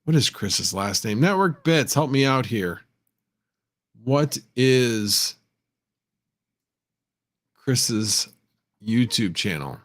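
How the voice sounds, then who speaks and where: A man hosting a casual livestream, thinking out loud and reading viewer comments as he goes. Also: medium pitch, lively intonation, extremely slow, pauses often. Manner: rambling, reads chat aloud, thinks out loud. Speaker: livestream host.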